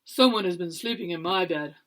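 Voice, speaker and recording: A woman voicing a big, gruff male papa polar bear who roars and bellows in a storybook reading. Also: brisk, natural voice. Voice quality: booming, gruff. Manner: roaring and bellowing.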